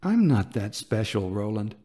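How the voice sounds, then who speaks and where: A breathy, giggly young woman, as a male narrator lifts his voice for her. The voice is warm and mellow, set above his own low register. It is romance audiobook dialogue. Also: very animated, unhurried.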